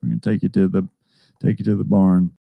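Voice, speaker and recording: A man's voice: deep voice, lively intonation, fast, gravelly, slightly rough, no room sound, dull audio. A man co-hosting a casual comedy talk show, reading out news stories with lots of fillers and jokes. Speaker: podcast co-host.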